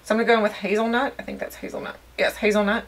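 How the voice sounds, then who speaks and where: A woman's voice: medium pitch, level tone, rapid-fire. A woman chatting casually to her viewers while doing her makeup, rambling and poking fun at herself. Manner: chatty, rambling, self-deprecating. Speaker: beauty vlogger. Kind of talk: casual get-ready-with-me chat.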